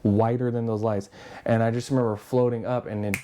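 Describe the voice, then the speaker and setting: A man's voice: mid-range voice, fairly quick. A man on a podcast telling a long story casually, swearing constantly and acting out other people's lines. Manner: profane, animated, acts out voices. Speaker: podcast guest.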